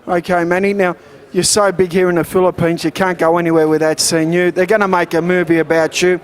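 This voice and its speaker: A man's voice: high-pitched, level tone, brisk, clear, resonant tone. A man hosting a boxing interview show, asking upbeat promotional questions.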